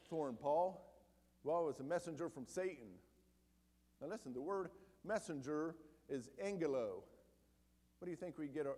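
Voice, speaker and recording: Man, preacher, emphatic sermon delivery, animated pitch, long hall echo. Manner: emphatic, rises loud then drops very low and quiet.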